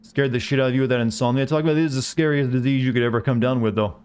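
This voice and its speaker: A man's voice: medium pitch, fairly even intonation, very fast, a little mellow, smooth. A man with a Southern US accent chatting casually while he streams a game, rambling as he answers his chat. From Southern United States.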